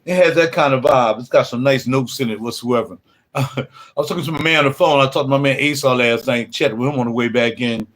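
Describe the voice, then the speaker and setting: An older man talks in a relaxed, rambling way on a livestream, full of casual slang. His pitch sits at an ordinary middle level for a man. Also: a little fast. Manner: laid-back, rambling, slangy. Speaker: livestream host. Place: home music room.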